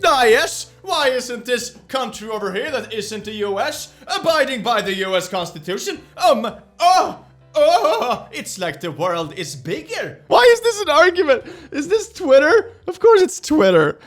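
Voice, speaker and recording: Woman in a comedy reaction video, high and lively voice, incredulous. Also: a little slow, faint music behind. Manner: incredulous, mocking.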